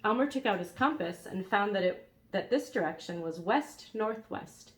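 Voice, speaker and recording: A woman reading a children's storybook aloud in a calm, even narrating voice. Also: medium pitch, moderate pace. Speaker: reader.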